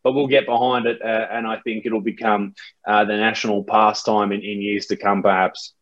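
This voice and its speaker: A man's voice: lowish voice, flat delivery, moderate pace, fairly bright tone, highs cut off. A man from Australia with an Australian accent, a guest chatting casually and mocking himself, often restarting his sentences. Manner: laid-back, self-mocking, many restarts. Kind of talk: casual interview chat.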